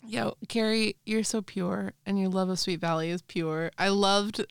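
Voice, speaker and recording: A woman's voice: mid-range voice, flat delivery, unhurried, creaky, smooth, no echo. A woman hosting a podcast in casual chat, bubbly and laughing often. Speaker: podcast host.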